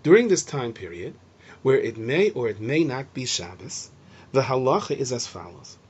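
A man explaining Mishnah to students, lively and acting out the lines he quotes. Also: medium pitch, normal speed, breathy edge. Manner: animated, acts out shouting and gentle speech. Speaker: Torah teacher. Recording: dull lo-fi recording.

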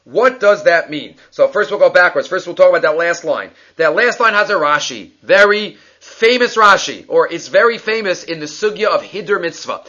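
A man with a high, bright voice teaches a Talmud lesson, reading the text and explaining it line by line. He works through each step aloud. The recording sounds dull and lo-fi. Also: expressive, moderate pace, hardly any pauses. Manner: explains text line by line, thinking aloud, uses Hebrew and Aramaic terms. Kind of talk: daily Talmud class lecture.

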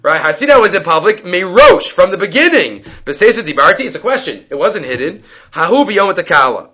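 A man teaching a Talmud lesson, reading Aramaic and Hebrew aloud and explaining it in quick English, acting out each exchange. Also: high-pitched, husky, low-quality recording. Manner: animated, acts out dialogue with rising voice. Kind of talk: lively Talmud lecture.

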